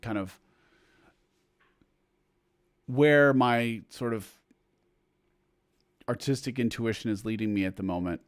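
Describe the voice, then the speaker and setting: A man with a lowish, clear and resonant voice hosts a relaxed livestream for supporters from an indoor room at home, speaking at a measured pace with long pauses. He reads viewer comments and rambles on, interrupting himself with fillers and restarts, in studio-quality audio with no echo.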